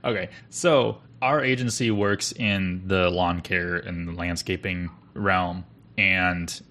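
A young man with a fairly low voice tells a story on a podcast. His delivery is casual and rambling, packed with fillers and restarts. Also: fairly even intonation, takes it slowly, pushed and bright. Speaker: podcast co-host.

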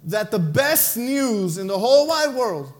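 Man voicing a patient, insistent mother. High, earnest, coaxing. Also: very animated, a little slow, full character voice. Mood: urging. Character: patient, insistent mother teaching her son.

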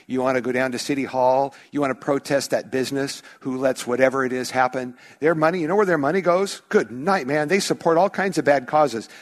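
A man preaching to his congregation in an easy, chatty way, at a middle pitch for a man. He slips into playful quoted voices to show how people think, then comes back to plain explanation. It is a church sermon, delivered like a relaxed talk. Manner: conversational, animated with acted-out quotes. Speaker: pastor.

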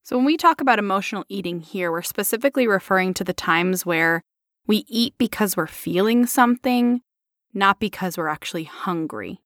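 A woman co-hosting a casual podcast, playful and quick to laugh. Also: mid-range voice, a bit bright, no echo, studio quality. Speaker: podcast co-host.

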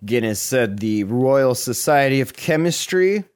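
A man's voice: mid-range voice, lively intonation, unhurried, clean tone. A man co-hosting a comedy podcast, reading odd news stories aloud with crude, sarcastic asides. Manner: jokey, crude, reads headlines with sarcastic asides. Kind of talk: casual comedic chat.

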